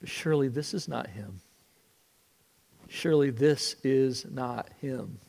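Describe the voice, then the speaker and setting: A man preaches a sermon, retelling a story in the second person with earnest feeling, moving between hushed passages and impassioned ones. His mid-range voice is slow and creaky, and long hall reverb surrounds the recording.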